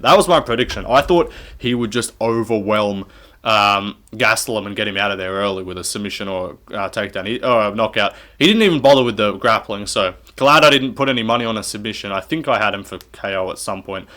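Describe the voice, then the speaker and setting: A young man talking through a fight card recap in a casual, offhand way. He is blunt and sarcastic and swears constantly, with a voice of ordinary middle pitch. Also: lively intonation, fairly quick, fairly bright tone. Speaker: MMA recap host.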